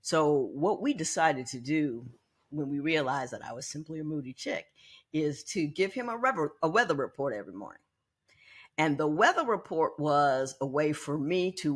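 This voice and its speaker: A woman in her sixties hosting a podcast, telling a personal story in a candid, animated way and often repeating words as she thinks. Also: low-pitched, breathy edge. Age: 60s. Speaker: podcast host.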